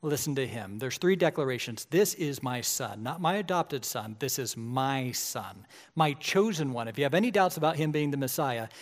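A man, a pastor, preaching a sermon in a conversational way that grows emphatic at key points. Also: fairly high pitch.

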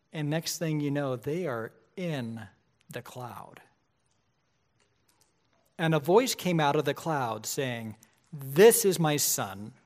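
A male pastor delivering a sermon in a fairly high voice. He talks to the congregation in a relaxed, conversational way and builds to emphatic moments. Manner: conversational preaching, rising to emphatic.

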